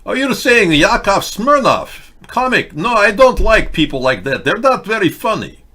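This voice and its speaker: A man's voice: sits high, very animated, normal speed, bright, forceful tone, voice pushed up, heavily acted. A man putting on a Russian accent, playing a boastful Russian voice artist in broken English. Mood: mocking. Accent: put-on Russian. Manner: broken grammar, theatrical.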